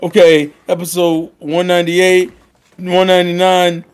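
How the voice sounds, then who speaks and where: A man's voice: high-pitched, measured pace, clear, resonant tone. A man co-hosting a casual podcast chat, swearing freely and acting out little scenes. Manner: animated, swearing, acts out scenes. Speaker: podcast co-host.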